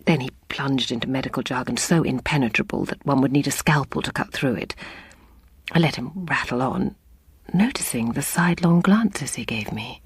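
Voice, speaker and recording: Hushed, breathy woman reading a story. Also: low-pitched, no room sound, clean studio sound. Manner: hushed, half-whispered delivery. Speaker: audiobook reader. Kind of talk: dramatic first-person story reading.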